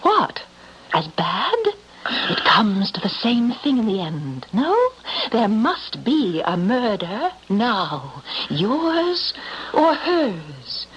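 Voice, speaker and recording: An actress playing a commanding, taunting thief-queen spirit in an old radio drama, speaking slowly and hypnotically with whispered asides. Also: mid-range voice, very animated, a bit bright, slightly rough, full character voice. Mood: menacing. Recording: dull lo-fi old radio recording.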